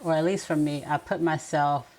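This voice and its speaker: Middle-aged woman guest, deep and gravelly, reflective and advising; casual chat. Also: fairly even intonation, moderate pace, low-quality recording. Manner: reflective, gently advising, with soft laughs. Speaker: podcast guest. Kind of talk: casual conversation.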